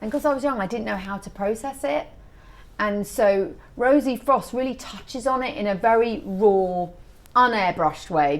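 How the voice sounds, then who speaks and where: A middle-aged woman being interviewed as an author, telling stories in an animated, chatty way. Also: medium pitch. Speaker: author guest. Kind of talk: casual interview chat.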